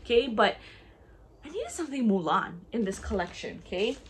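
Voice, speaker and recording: A woman's voice: a little high, sing-song, normal speed, crowd noise. A young woman showing off handbags in a casual haul vlog, chatty and gushing, with many okays. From half Japanese. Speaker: vlogger showing a bag haul.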